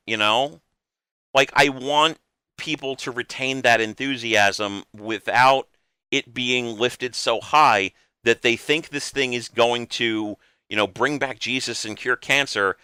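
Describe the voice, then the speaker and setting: A male podcast host with a bright, crisp voice speaks earnestly and with emphasis, dropping casual swears. The sound is dry and close, with no room around it. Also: medium pitch, takes it slowly, no room sound.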